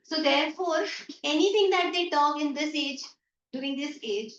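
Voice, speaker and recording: In an online lesson, a female teacher with an Indian English accent explains a story by restating lines and dramatizing everyday remarks. Her high, somewhat bright voice moves at normal speed over a video-call mic, with slight background noise and a dull, distant, echoey sound.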